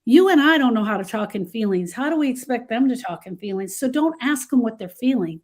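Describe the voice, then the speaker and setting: A woman's voice: a little high, animated, brisk, darkish tone. A woman grief specialist giving earnest, emphatic advice in a discussion. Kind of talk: instructive discussion.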